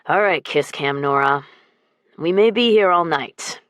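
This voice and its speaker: A woman putting on a playful young man with a lowered, easygoing voice, teasing his companion in a romance audiobook. The sound is dry and close, with a mellow low register. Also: measured pace, no room sound.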